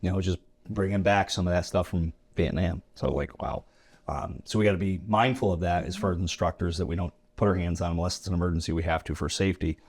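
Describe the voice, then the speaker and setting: Man co-host with a very deep voice, quick, chatty delivery. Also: steady tone, a little mellow, husky. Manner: chatty, uses analogies, playful. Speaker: co-host, instructor. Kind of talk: casual podcast chat.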